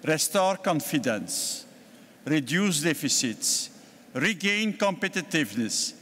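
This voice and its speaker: An older man with a Belgian accent gives a formal speech as a party president in a voice a little high for a man, with a fairly bright tone. His oratory is animated yet measured and deliberate, with heavy emphasis on key words. The long reverb of a large congress hall surrounds him.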